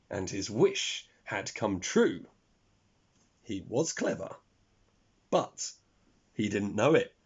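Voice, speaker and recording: Male storyteller for children; unhurried, husky, very lively pitch. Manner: expressive, talks to young listeners. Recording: dull lo-fi recording.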